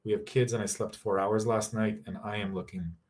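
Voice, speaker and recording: A man's voice: on the low side, brisk. A tired man giving a casual online workshop on relationships, talking over a video call and acting out sample dialogues. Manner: lively, acts out sample dialogues.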